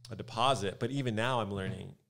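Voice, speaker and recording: A young American man, a photographer guest, chatting casually and telling animated stories in a podcast interview. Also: lowish voice, quick pace, gravelly. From United States. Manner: animated storytelling, acts out quoted voices.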